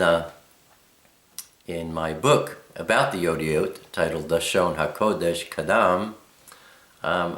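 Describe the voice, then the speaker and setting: A middle-aged man explaining Hebrew letters and names slowly, with many ums and uhs. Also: on the low side, a bit bright, reverberant. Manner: slow, thoughtful explanation. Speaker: Bible teacher.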